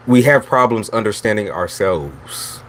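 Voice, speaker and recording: Blunt, laughing lower-voiced man. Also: expressive, measured pace, a bit bright, slight background noise. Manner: blunt, chatty, swears freely, laughs often. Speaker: tarot reader. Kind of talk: casual livestream monologue.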